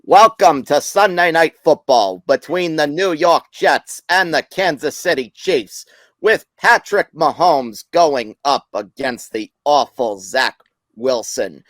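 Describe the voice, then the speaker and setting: A man putting on the voice of a brash, pompous old-school sportscaster with a slow, grandiose announcer cadence. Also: on the high side, fairly bright tone, no room sound.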